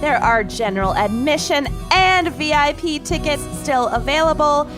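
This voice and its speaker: A woman co-hosting a chatty podcast, giggly and animated as she banters with her friends. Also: sits high, normal speed, over music. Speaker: podcast co-host. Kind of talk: casual chat.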